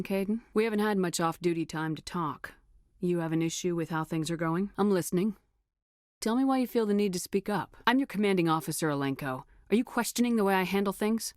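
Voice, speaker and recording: A woman's voice: lowish voice, no room sound, studio quality, lightly acted. An actress playing a blunt, tough female starship commander in a video game, speaking in clipped military style. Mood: curt. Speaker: commanding officer.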